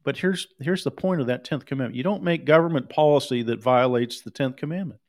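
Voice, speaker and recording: A man's voice: mid-range voice, brisk, darkish tone. A man preaching a sermon in an emphatic, conversational way, often repeating his words.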